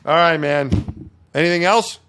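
A man's voice: a little high, unhurried, a bit bright, slight background noise. A middle-aged man co-hosting a podcast, telling stories in a rambling, casual way with many restarts. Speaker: podcast co-host. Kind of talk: casual chat.

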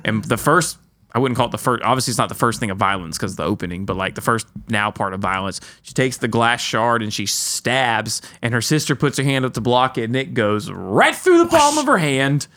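A man co-hosting a casual podcast, rambling through retellings with frequent restarts and quick self-corrections. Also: on the low side, sharp tone. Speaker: podcast host. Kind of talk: casual chat about a horror film.

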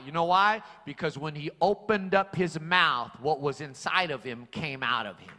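A man's voice: a little high, normal speed, hardly any pauses, pushed and bright. A male pastor preaching a sermon, emphatic and repeating his key phrases for weight. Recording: long hall reverb.

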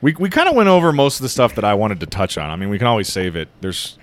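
A man co-hosting a podcast in casual chat, laid-back and quick to laugh. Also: lowish voice, wildly swooping pitch. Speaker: podcast co-host.

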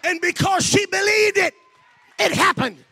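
A man preaching a sermon, shouting in a sing-song cadence with "uh" breaths between phrases. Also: extremely high pitch, lively intonation, unhurried, a faint crowd.

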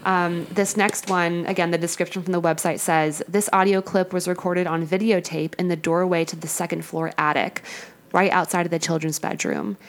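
A young woman with a low, gravelly voice co-hosts a casual paranormal podcast. She reads case notes from her notes in a measured way, then slips back into easy chat with her co-host. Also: fairly even intonation.

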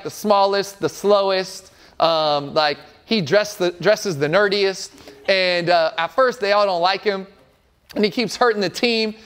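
A man's voice: high-pitched, a bit bright, smooth. A man around forty preaching a sermon as a pastor, earnest and emphatic, repeating phrases for effect.

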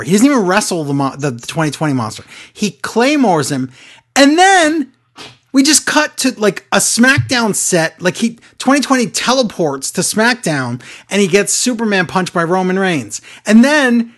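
Animated man recapping with big swings. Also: normal speed. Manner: excitable, animated storytelling with sudden pitch jumps. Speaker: podcast co-host. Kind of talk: casual wrestling recap chat.

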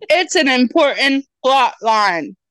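A woman's voice: high voice, sing-song, takes it slowly, a bit bright, no echo. A young woman chatting casually, dropping dry teasing remarks. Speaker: podcast co-host. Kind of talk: casual chat.

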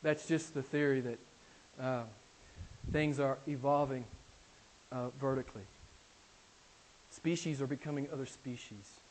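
A male pastor preaching a sermon, emphatic, repeating key phrases and swinging between loud declarations and quiet asides. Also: medium pitch, steady tone, a little slow, long pauses, a little hiss or hum, low-quality recording. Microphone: recorded for a podcast.

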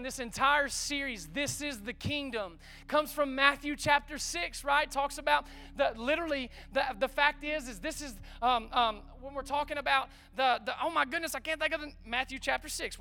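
A man preaching a sermon in a lively, conversational way, calling out to the congregation. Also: very high-pitched, normal speed, gravelly, few pauses. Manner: lively preaching with call-and-response asides. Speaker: pastor.

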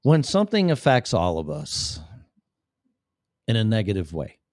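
A man's voice: on the low side, wildly swooping pitch, moderate pace, darkish tone, no room sound, clean studio sound. A man hosting a livestream in a casual ranting monologue, profane and rambling, with sudden shifts of voice. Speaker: livestream host.

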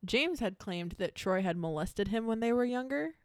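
A woman's voice: a little high, animated, normal speed, clean tone, no echo, clean studio sound. A young woman hosting a podcast, going through case notes in casual chat with a jokey, self-mocking manner. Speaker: podcast host presenting a case.

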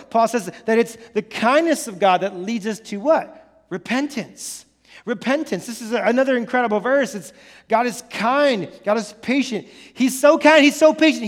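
A high-voiced male pastor preaches a sermon in a church sanctuary, animated and conversational, asking rhetorical questions. The recording catches the hall's long reverb.

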